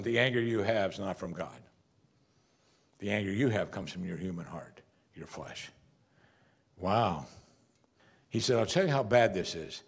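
A man's voice: mid-range voice, slightly rough. A man preaching a sermon in a church, asking his listeners direct questions. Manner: animated, questions the congregation directly.

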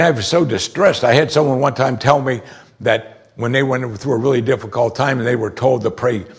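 A man preaching a conversational sermon, explaining scripture and rising sharply in pitch when he makes a strong point. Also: slightly rough. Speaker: pastor.

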